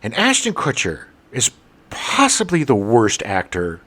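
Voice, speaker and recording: A middle-aged man co-hosting a podcast, telling stories in casual chat with an expressive, laughing delivery. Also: medium pitch, measured pace, breathy edge. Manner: animated, expressive, laughing storyteller. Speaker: podcast co-host.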